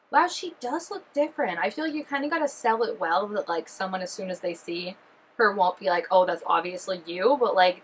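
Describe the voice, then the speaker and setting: A woman chatting excitedly through a reaction video, full of fillers and giggly asides. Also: a little high, a little hiss or hum, low-quality recording. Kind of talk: casual reaction commentary.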